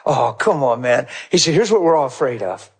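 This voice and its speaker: A man's voice: mid-range voice, expressive, normal speed, slightly rough. A man preaching as a pastor, telling a personal story and acting out both sides of the conversation. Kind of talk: sermon testimony storytelling.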